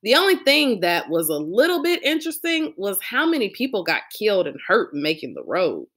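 A woman reading a novel aloud as a lively first-person storyteller. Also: mid-range voice, brisk. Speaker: audiobook reader. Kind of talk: audiobook narration.

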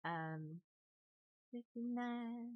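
A woman's voice: a little high, drawn-out words, phone-quality sound. A young woman co-hosting a live stream in casual chat, giggly and teasing. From Great Britain. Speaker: stream co-host.

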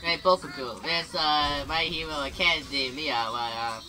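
A man's voice: a little high, unhurried, pushed and bright, low-quality recording. A man, from the Philippines, casually commenting on gameplay with many hesitant fillers. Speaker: gaming channel host.

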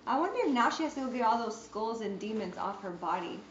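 A woman's voice: a little high, expressive, fast talker. A woman sharing a testimony in a casual group discussion, telling a chatty story and acting out both sides of the conversations. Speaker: beauty business owner sharing a testimony. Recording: roomy, dull recording with faint background noise.

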